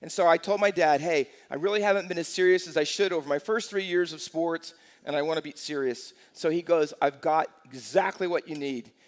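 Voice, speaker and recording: A man in his sixties, a pastor preaching a lively sermon in a church, telling stories and asking the congregation rhetorical questions. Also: a little high, a little fast, few pauses. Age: 60s. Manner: energetic storytelling with rhetorical questions. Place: church sanctuary. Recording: long church hall reverb.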